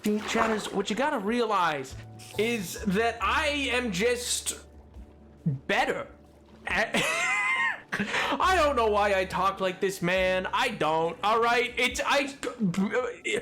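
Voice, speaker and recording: Playful streamer with a lively bright voice. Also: medium pitch, slow, faint music behind. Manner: playful, old-timey slang and fancy words; laughs often, rambles. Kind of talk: casual live-stream chat while gaming.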